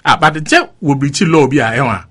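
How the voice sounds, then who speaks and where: A man's voice: medium pitch, lively intonation, quick pace, a bit bright. A Ghanaian man giving emphatic political commentary on a radio talk show, mixing in English phrases.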